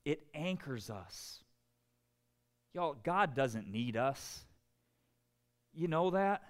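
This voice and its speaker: A man preaching a sermon, earnest, dropping to soft, quiet tones for emphasis. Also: on the high side, animated, extremely slow. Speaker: pastor.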